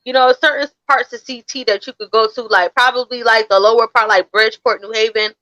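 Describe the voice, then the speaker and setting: A woman's voice: fairly high pitch, fairly even intonation, brisk, bright, forceful tone, no room sound, poor audio. A woman from Connecticut co-hosting a podcast, easygoing and explaining things with repeated phrases. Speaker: podcast co-host. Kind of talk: casual chat.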